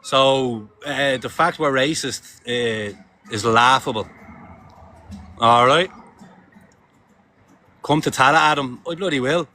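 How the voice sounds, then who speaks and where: A man's voice: mid-range voice, slow, pauses often, bright, forceful tone, slight background noise. An Irish man chatting casually on a live stream from city streets, reading viewer comments aloud and swearing freely.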